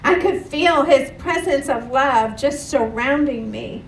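Woman preacher, unhurried, earnest sermon delivery, roomy sound with the mic set back. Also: high voice, a little hiss or hum. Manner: earnest, leads the congregation in repeated phrases. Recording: roomy echo from a distant mic.

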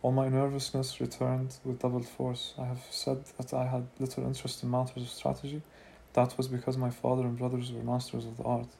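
A man's voice: medium pitch, monotone, a little fast, gravelly, dark tone, slight background noise. A man reading a fantasy novel aloud in first person, as an amateur audiobook, now and then adding asides of his own. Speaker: reader of a novel.

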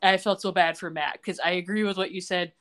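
A woman co-hosting a casual podcast, retelling scenes with animated, acted-out quotes. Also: on the low side, brisk. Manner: animated storytelling, acts out quotes. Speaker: podcast co-host.

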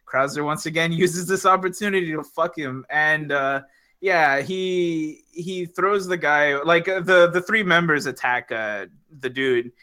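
Bright-voiced young man, rambling and profane. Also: fairly high pitch, measured pace. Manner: rambling, profane, with many fillers. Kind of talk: casual chat.

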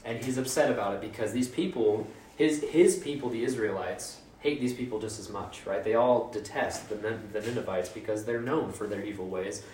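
A man's voice: lowish voice, normal speed, darkish tone, slight background noise. A man giving a casual, conversational sermon, informal and joking, with mock voices for quotes. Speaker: preacher. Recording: roomy echo, mic at a distance.

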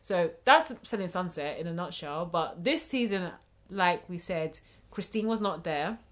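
A woman's voice: fairly low pitch, expressive, measured pace. A woman co-hosting a casual chat podcast, talking in a playful way that slips into mock arguments. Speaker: podcast co-host.

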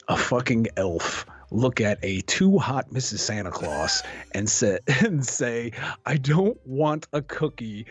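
Man, husky, animated, excitable, swears for emphasis, casual podcast chat. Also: mid-range voice. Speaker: podcast co-host. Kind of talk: casual movie review chat.

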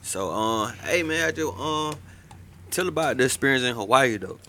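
A man's voice: medium pitch, lively intonation, normal speed, bright, forceful tone, a little hiss or hum. A man co-hosting a podcast, casually prompting his friend with short questions. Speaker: podcast co-host.

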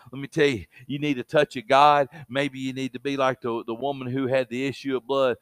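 A man preaching a sermon as a pastor, telling stories in a colloquial way and swinging between loud and hushed delivery. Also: mid-range voice, little pitch movement, fairly quick, few pauses, clear, resonant tone, no echo, studio quality.

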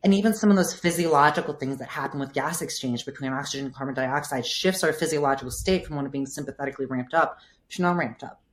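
A woman physical therapist and coach, talking through her thinking in a relaxed podcast interview, filling her speech with "like.". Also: a bass voice, fast talker, few pauses, a little hiss or hum. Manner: thoughtful, explanatory, frequent "like" fillers.

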